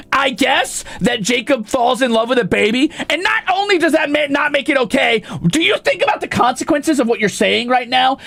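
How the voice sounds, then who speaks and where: High-voiced, exasperated ranting man. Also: gravelly, a bit bright. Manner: exasperated, profane, sarcastic ranting. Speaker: streamer. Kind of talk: ranting stream commentary.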